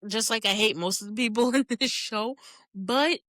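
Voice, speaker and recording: A woman's voice: a little high, normal speed, no room sound, clean studio sound. Laughing, candid woman podcast host. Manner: candid and profane, frequent laughter, animated reactions. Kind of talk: casual TV episode recap.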